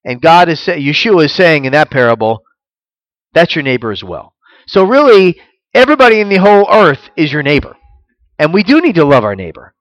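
A man delivers a sermon in an earnest, teaching voice that sits slightly high for a man. He reads scripture aloud and lifts his voice to stress key points. The sound is dry and close, with no room echo. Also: very animated, brisk. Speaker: pastor.

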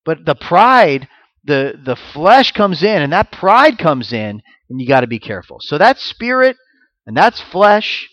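A man's voice: on the high side, big pitch swings, measured pace, fairly bright tone, no echo, dull audio. A man giving a sermon as pastor, teaching through rhetorical questions and repeated phrases.

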